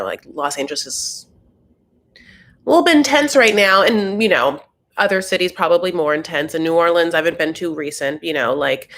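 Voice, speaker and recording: A woman's voice: low voice, a bit bright. A woman hosting a casual show recap, talking in a gossipy, profane, ranting way.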